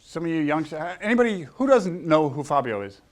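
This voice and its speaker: Man in his 60s, slightly higher-pitched voice, chiropractor telling stories to a live crowd, acts out the quoted voices, asks the audience questions. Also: very animated, fairly quick. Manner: storytelling, acting out quoted voices, quizzing the crowd. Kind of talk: anecdotal talk to a live audience.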